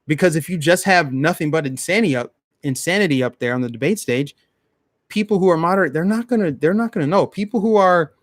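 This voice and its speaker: A man's voice: fairly high pitch, fast talker, no echo, studio quality. A man hosting a live stream, ranting bluntly in casual commentary and talking straight to his chat.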